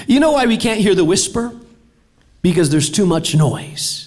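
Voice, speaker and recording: Middle-aged male pastor, fairly high voice, sermon in a big auditorium, dramatic loud-soft swings. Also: very animated, normal speed. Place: large auditorium.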